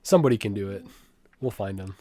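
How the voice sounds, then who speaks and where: A man's voice: fairly low pitch, quick pace, dark tone, dry recording, clean studio sound. A young man co-hosting a podcast, joking, swearing often and laughing in casual chat. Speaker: podcast co-host.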